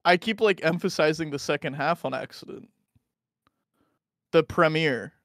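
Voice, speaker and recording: A man's voice: on the high side, a little fast, fairly bright tone, no echo, studio quality. An American man guesting on a stream, chatting in an easygoing, apologetic way and laughing easily. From United States. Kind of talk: casual chat.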